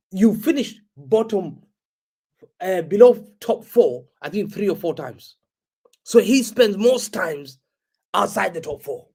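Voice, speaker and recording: A young man co-hosting a football podcast, chatting in casual banter, excitable and teasing, laughing often. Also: sits high, slightly rough.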